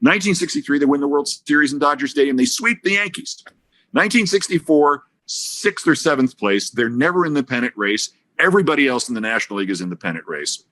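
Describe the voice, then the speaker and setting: A man's voice: fairly high pitch, animated, fast, fairly bright tone. A man guesting on a podcast, telling anecdotes with big swings in his voice and acted-out quotes. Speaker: guest broadcaster.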